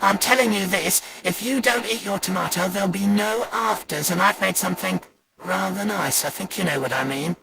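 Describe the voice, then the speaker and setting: A performer voicing an animatronic that grumbles and complains like a sulky child in a creaky voice. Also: mid-range voice, moderate pace. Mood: grumbling. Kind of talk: fan voice acting of a poem. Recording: noisy hiss.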